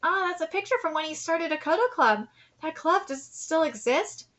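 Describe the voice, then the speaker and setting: A woman's voice: extremely high pitch, lively intonation, normal speed, fairly bright tone. A woman streamer reading manga aloud and reacting live, emotional and near tears, with laughing asides.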